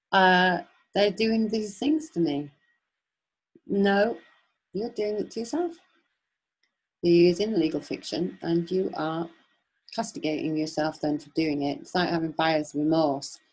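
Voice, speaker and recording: Woman webinar speaker, low husky voice, rambling and emphatic, rhetorical questions. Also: darkish tone, rough recording. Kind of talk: impassioned off-the-cuff talk.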